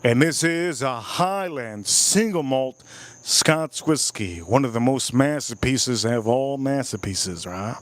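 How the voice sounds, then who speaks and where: A man's voice: mid-range voice, animated, takes it slowly. A man hosting a casual live stream, tasting whiskey and joking with his chat in a playful, repetitive way. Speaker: livestream host reviewing whiskey.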